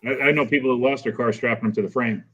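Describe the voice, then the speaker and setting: A man from the Northern United States chatting casually, quickly explaining things with examples. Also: medium pitch, steady tone, fairly bright tone, highs cut off. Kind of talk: casual chat.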